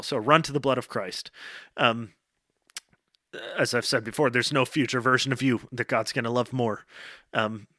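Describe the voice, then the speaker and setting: An earnest man delivers an informal devotional talk, direct and plain-spoken. His voice is bright and forward, and it sits dry and close with no room echo. He checks in with his listeners with "okay" and pauses on "um". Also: mid-range voice. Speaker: speaker addressing college men.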